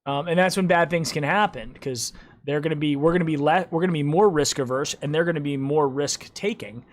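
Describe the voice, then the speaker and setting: A man's voice: on the high side, a little fast. A man hosting a casual post-game sports talk show, rambling and correcting himself as he tells stories. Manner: rambling, self-correcting, animated storytelling. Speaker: podcast host.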